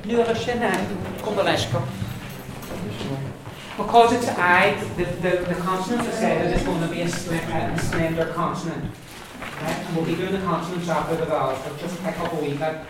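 A man's voice: a little high, fairly even intonation, moderate pace, noisy background. Man, language teacher, patient word drills, far from the mic, echoey classroom. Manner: drills words aloud, repeats each one patiently. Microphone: distant recorder in the room.

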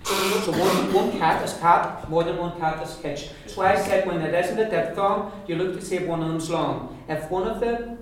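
A man teaching a pronunciation class, repeating words slowly for students to drill. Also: sits high. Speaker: Irish language teacher. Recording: echoey room, distant mic.

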